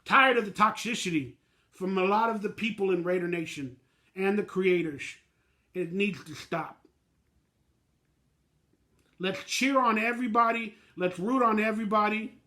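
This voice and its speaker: High, bright-voiced man ranting. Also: normal speed, long pauses. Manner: blunt, emotional, slangy and plainspoken. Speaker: fan channel host. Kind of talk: postgame reaction rant.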